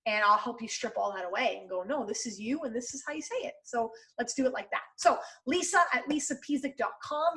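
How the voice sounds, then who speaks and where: A woman's voice: a little high, fairly bright tone. A woman hosting her own podcast, giving casual and encouraging sales advice in a conversational way. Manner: conversational and encouraging, lots of fillers. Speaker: podcast host and sales coach.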